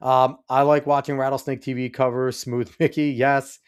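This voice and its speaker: Man, podcast host, livestream reaction, rambling, exasperated, mid-pitched voice. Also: level tone, normal speed, clear, resonant tone. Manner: rambling, exasperated, talks back at chat and the clip. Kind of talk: casual livestream reaction commentary.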